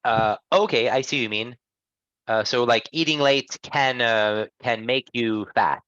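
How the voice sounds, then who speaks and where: A man's voice: medium pitch, unhurried, a bit bright, no echo, dull audio. A man teaching an online English class, patient and encouraging, repeating and rephrasing answers for his students.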